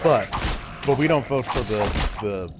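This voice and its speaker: Streaming a video game, this Canadian man speaks in a mid-range voice at a measured pace, rambling and thinking out loud to his viewers in casual commentary. A loud, steady background noise is present throughout.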